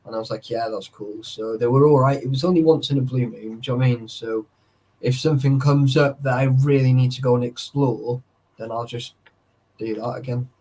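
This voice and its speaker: A man's voice: medium pitch, fairly even intonation, brisk, mellow. A man in casual chat, swearing freely and peppering his talk with "like" and "right". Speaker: urban explorer.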